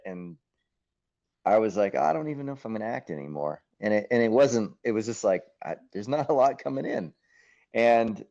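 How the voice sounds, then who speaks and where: A man being interviewed as an actor, telling stories in a lively, casual way, acting out his own thoughts and swearing now and then. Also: medium pitch. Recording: muffled, dull sound.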